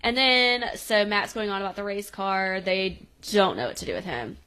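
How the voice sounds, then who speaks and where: A woman with a bright, sharp voice chats through a TV episode recap on a podcast. She retells each scene in a casual, animated way and slips into the characters' lines as she goes. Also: medium pitch, normal speed, smooth. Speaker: podcast co-host.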